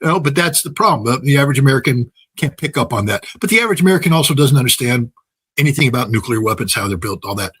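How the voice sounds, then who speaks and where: Husky-voiced man giving emphatic political commentary. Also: medium pitch, expressive, rapid-fire, a bit bright. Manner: emphatic, repeats phrases for effect, frequent filler words; folksy, uses everyday examples and laughs at his own points. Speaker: political commentator, interview guest.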